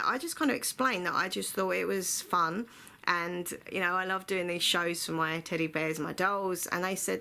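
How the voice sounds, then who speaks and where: A woman rambles through a casual storytime on her vlog, full of filler words. Her voice sits a little low but sounds bright and forward, with a strong gravelly fry. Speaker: vlogger.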